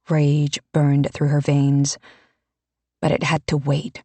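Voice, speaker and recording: A woman narrating a fantasy audiobook in a measured, unhurried storytelling manner. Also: low voice, monotone, mellow, breathy edge, no room sound.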